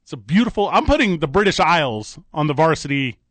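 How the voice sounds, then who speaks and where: Man, high voice, very lively pitch, dry close studio sound, joking co-host banter. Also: no room sound. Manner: animated, joking, quick asides. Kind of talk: casual radio show banter. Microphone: studio mic.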